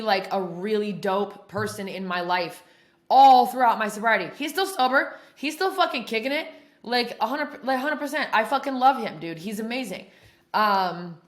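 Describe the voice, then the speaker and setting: Profane, animated woman storyteller, echoey room. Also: medium pitch. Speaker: podcast host. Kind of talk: casual storytelling.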